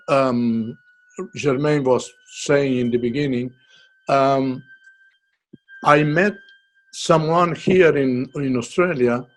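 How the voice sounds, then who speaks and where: A man talks as a guest in a relaxed podcast interview. He speaks haltingly and often stops to search for words, with frequent fillers and restarts. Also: mid-range voice. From Uruguay. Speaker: guest artist. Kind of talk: casual interview.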